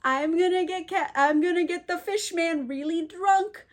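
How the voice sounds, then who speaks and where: A woman voicing a drunk, boorish male ship's cook who blusters loudly and crudely. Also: very high-pitched, normal speed, pitched above the performer's own voice.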